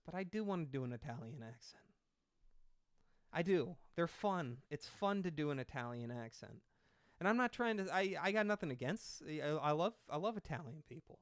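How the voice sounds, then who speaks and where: A man's voice: fairly high pitch, lively intonation, moderate pace, smooth, dry recording, clean studio sound. A man doing casual reaction commentary, rambling and sarcastic with lots of swearing.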